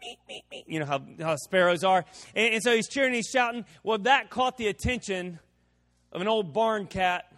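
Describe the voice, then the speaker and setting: High-voiced pastor in an echoing hall. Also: male voice, a bit bright. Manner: homespun storyteller, repeats words, drawn-out emphasis. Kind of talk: sermon with a folksy story.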